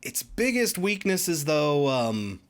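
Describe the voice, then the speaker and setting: A man's voice: fairly high pitch, big pitch swings, takes it slowly, clear, resonant tone. A man giving a casual, chatty album review with emphatic asides. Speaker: music reviewer.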